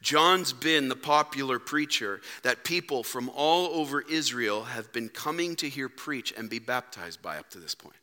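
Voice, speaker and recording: A man preaching a sermon as pastor, dynamic, acting out quoted voices and swinging from loud to hushed. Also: medium pitch, expressive, moderate pace, few pauses. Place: church sanctuary. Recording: long hall reverb.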